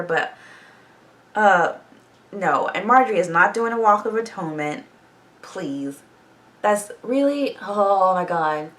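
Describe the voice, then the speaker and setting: A woman recapping a TV episode in a casual, animated reaction vlog, swearing freely and laughing often. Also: lowish voice, recorded from a distance. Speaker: TV show reaction vlogger.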